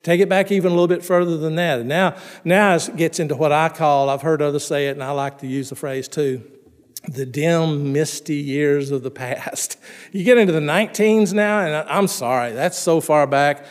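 A man's voice: a little high, steady tone, normal speed. A middle-aged man preaching a sermon as pastor, in a conversational way, repeating and restarting words and asking his listeners questions. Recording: long reverb in a large hall.

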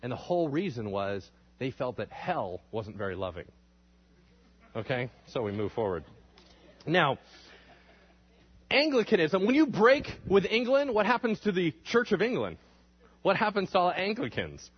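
A man teaching a history class in a lively lecture style, asking the class questions and acting out quotes in exaggerated voices. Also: on the high side, moderate pace, pauses often, husky, highs cut off.

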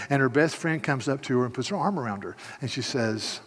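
An older man preaching a sermon, stumbling over restarts as he tells a story quietly, then rising to loud, emphatic proclamation. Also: mid-range voice, expressive, brisk, slightly rough, big-room sound. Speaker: pastor.

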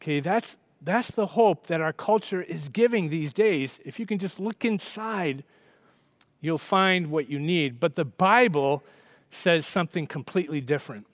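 A man's voice: a little high, expressive, unhurried, dry recording. A man, a pastor, preaching a sermon and telling a story in a conversational way with frequent restarts.

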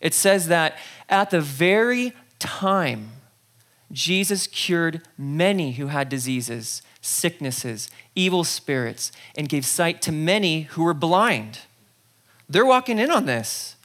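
Preacher, sermon, lively storytelling, conversational asides, acts out the scene. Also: mid-range voice, slow. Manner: conversational, frequent "okay?" asides. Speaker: pastor.

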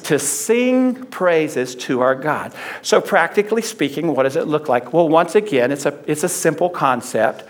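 A man's voice: on the high side, expressive, normal speed, hardly any pauses. A middle-aged man preaching a conversational sermon, repeating phrases for emphasis. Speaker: pastor.

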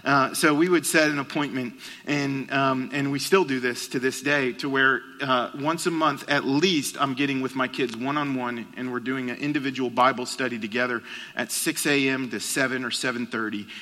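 A middle-aged man preaching a sermon, telling a family story and dropping soft and low at its tender moments. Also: steady tone, moderate pace. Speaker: pastor. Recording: long hall reverb.

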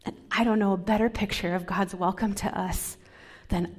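A woman pastor giving a sermon, talking softly and dropping into whispers to stress her points. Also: mid-range voice, fairly even intonation, moderate pace, husky. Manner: soft, drops into whispers for emphasis.

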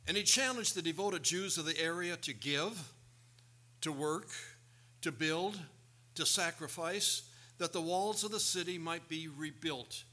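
Bright-voiced male preacher telling stories. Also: on the high side, measured pace. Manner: animated storytelling with quoted voices. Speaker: pastor. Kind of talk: sermon.

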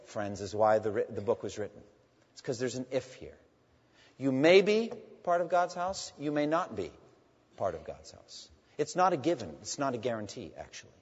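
Male pastor, lively pitch, emphatic sermon delivery, dull recording with long hall reverb. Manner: emphatic preaching with wide swings between loud and hushed.

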